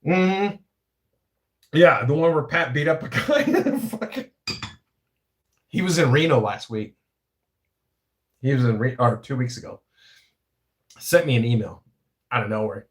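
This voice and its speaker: A man's voice: mid-range voice, a little slow, long pauses. A man hosting his own show, telling a story in a profane, rambling, self-interrupting way. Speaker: podcast host. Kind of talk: casual storytelling.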